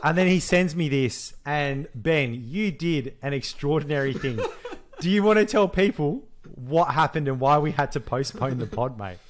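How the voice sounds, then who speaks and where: A young man co-hosting a podcast, chatting casually and bluntly, swearing freely and telling stories in an animated way while teasing his co-host. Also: fairly high pitch, moderate pace, background noise. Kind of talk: casual chat.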